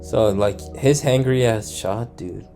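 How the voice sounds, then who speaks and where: A man's voice: lowish voice, takes it slowly, gravelly, mellow, faint music behind. Young man telling crime stories, slangy and crude. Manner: slangy, profane, acts out quotes. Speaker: storyteller host. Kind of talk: casual true crime retelling.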